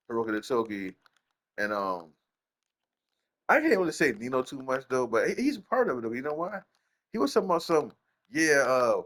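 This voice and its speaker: Young male gaming host, casual slang rants, incredulous pitch jumps. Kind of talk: casual ranting commentary.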